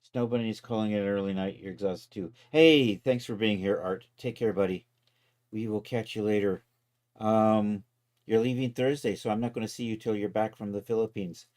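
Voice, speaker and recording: Brief: easygoing male streamer with a lower voice, narrating his work as he goes and bantering with viewers. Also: fairly even intonation, normal speed. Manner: chatty, talks to viewers and to his software while working, chuckles often. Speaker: 3D artist livestreaming his work. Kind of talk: casual live-stream commentary.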